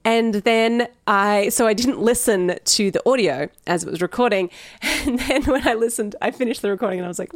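A woman's voice: medium pitch, dry recording. A chatty woman talks straight into a close studio mic, the sound dry and close with no room around it. She hosts her own podcast in a loose, upbeat way and pokes fun at herself as she goes. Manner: chatty, upbeat, self-deprecating, laughs often. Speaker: podcast host. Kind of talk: casual solo podcast chat. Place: home recording setup. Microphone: headphones and studio mic.

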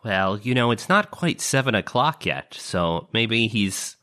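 A man's voice: lowish voice, big pitch swings, unhurried, pushed and bright. A man playing a tabletop game, chatting casually and joking with the table. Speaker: player.

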